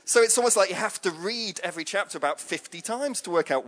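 Chatty man, higher voice. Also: lively intonation, fast talker, a bit bright. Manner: chatty, jokey, with frequent asides and fillers. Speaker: preacher. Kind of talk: conversational sermon.

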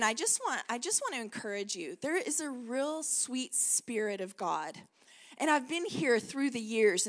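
A guest pastor in her forties with a Texan accent preaches a sermon in an encouraging manner, leading the congregation in call-and-response. Her voice is on the high side and fairly bright.

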